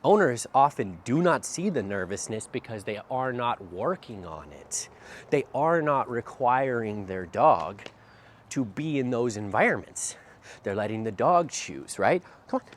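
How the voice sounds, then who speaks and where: A man's voice: medium pitch, big pitch swings, unhurried. A man working as a dog trainer, explaining while he walks a dog outdoors, with a habit of asking "right?" after short phrases. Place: outdoors by a street. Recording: faint outdoor noise.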